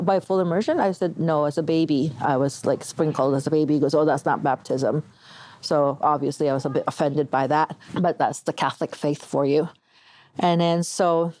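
Middle-aged woman from Canada, interview guest, lowish voice, animated storyteller who acts out quotes. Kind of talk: telling a personal testimony.

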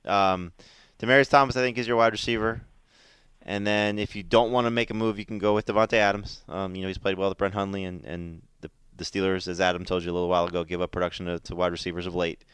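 Radio co-host, male, lower register, crisp dry delivery, hesitant and filler-heavy. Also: flat delivery, quick pace, a bit bright, dry recording. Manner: hesitant, many fillers and restarts. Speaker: fantasy football analyst co-host. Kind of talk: casual sports radio talk.

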